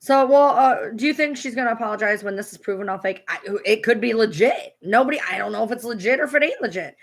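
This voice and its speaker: With a fairly high, sing-song voice and a brisk delivery, a woman streamer goes off on a clip she's reacting to. The rant is angry and profane, packed with hard swearing and repetition.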